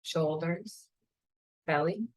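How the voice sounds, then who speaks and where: Woman, yoga teacher, guided meditation, unhurried, lowish voice, calm. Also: low-quality recording. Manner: slow, soothing, calm guidance. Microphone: camera mic, seated on a chair.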